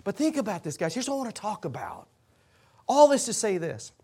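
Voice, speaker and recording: A man pastor telling a story in a sermon, animated and rambling, shouting for emphasis before a congregation. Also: sits high, a little fast, husky.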